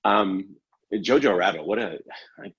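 Guy hosting, really low husky voice, rambly, bit muffled audio. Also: lively intonation, a little slow. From Canada. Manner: rambling, self-correcting, laughs often. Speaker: podcast host. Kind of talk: casual chat.

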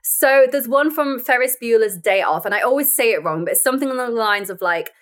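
A young woman, an actress chatting as a podcast guest, animated and laughing often as she tells stories. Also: on the high side, fast talker, hardly any pauses. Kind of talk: casual chat.

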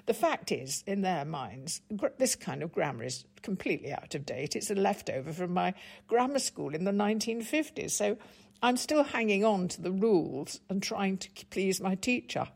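Older woman; husky, gravelly, articulate interviewee. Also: medium pitch, lively intonation, darkish tone. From England, Stockport. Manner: articulate, measured, anecdotal. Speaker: guest, broadcaster. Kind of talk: reflective interview conversation.

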